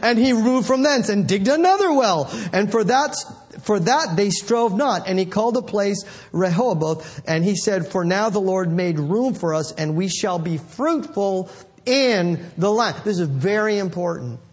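A man preaching a sermon in an animated, conversational way, calling out to the congregation. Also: high voice, moderate pace, breathy edge.

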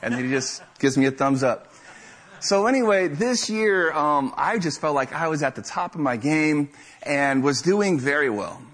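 A young man telling a lively, self-mocking story to a live audience. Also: fairly high pitch, moderate pace.

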